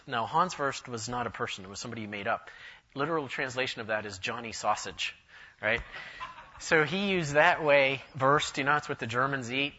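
A man's voice: medium pitch, bright, forceful tone, lo-fi sound. A man giving a church history lecture at a conference, enthusiastic and jokey, wandering off on asides. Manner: humorous, digressive, enthusiastic.

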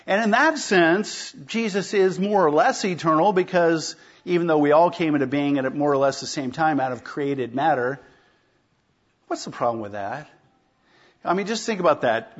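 A pastor preaching a sermon in a conversational way, often asking the congregation rhetorical questions. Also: male voice, a little high, husky, lo-fi sound.

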